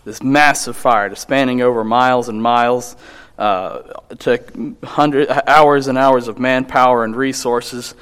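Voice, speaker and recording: A man preaching a sermon in an earnest, halting way, with frequent restarts, who reads scripture aloud slowly and with emphasis. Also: medium pitch, fairly even intonation, a bit bright, smooth.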